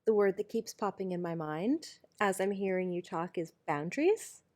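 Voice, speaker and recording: A woman's voice: medium pitch, animated, normal speed. Candid, thoughtful woman podcast co-host, easy laugh, casual delivery. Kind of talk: casual reflective chat.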